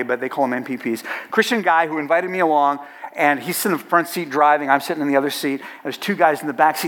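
A middle-aged man from Canada tells a lively story to a crowd, with a slightly raised voice. His delivery is animated and anecdotal, full of playful asides. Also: on the high side. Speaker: chaplaincy organization leader. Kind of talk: storytelling talk to an audience.

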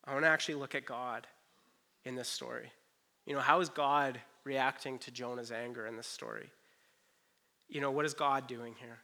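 Bright-voiced man preaching a casual sermon. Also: medium pitch, steady tone, normal speed, gravelly, pauses often. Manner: earnest, conversational, lots of "you know" asides. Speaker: pastor.

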